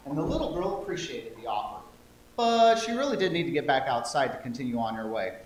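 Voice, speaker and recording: A man's voice: medium pitch, brisk. Playful man leading an interactive story. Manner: playful and animated, coaxing the crowd to join in. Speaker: lay speaker telling a children's story. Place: church sanctuary. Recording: echoey church hall, faint hum.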